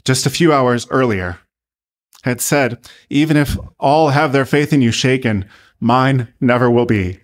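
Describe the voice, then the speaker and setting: A man's voice: medium pitch, a little slow, natural voice. A man playing a remorseful, exhausted male disciple who speaks in a muffled, ashamed way.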